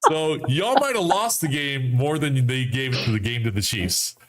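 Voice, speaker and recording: A man hosting a casual football fan show for a live audience, animated and mocking, acting out friends he quotes. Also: mid-range voice, normal speed. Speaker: sports fan show host. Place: home studio setup.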